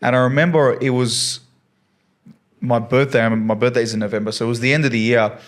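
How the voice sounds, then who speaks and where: This podcast guest, a science teacher, talks quickly in a steady, medium-pitched voice. He earnestly rambles through a lengthy story in a relaxed way, with plenty of filler words.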